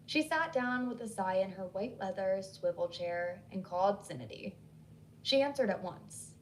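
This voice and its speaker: A woman narrating a horror story in a measured, scripted reading. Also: mid-range voice, expressive, a little hiss or hum, rough recording.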